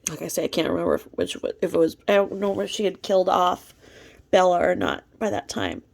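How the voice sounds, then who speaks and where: A woman's voice: fairly low pitch, big pitch swings, fairly quick, vocal fry. A woman talking in a profane, mocking gossip commentary vlog, snacking between remarks. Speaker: vlogger.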